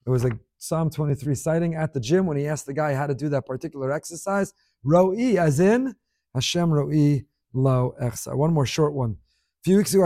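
A middle-aged man teaching a Torah class, reading listener emails aloud with animated, emphatic delivery and scattered Hebrew terms. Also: on the high side, no echo, clean studio sound.

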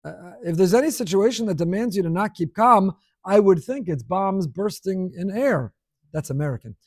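Man preaching to a room, high pitch, dry close sound, lively and repetitive delivery. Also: no room sound. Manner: animated, rhetorical questions, repeats phrases for emphasis. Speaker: rabbi giving a class. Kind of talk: sermon. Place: room with an audience.

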